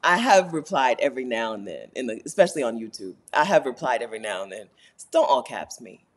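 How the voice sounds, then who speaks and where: A woman hosting a casual live stream, reading chat comments aloud, animated and laughing often, repeating her points for emphasis. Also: extremely low pitch, quick pace. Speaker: YouTube host answering live chat.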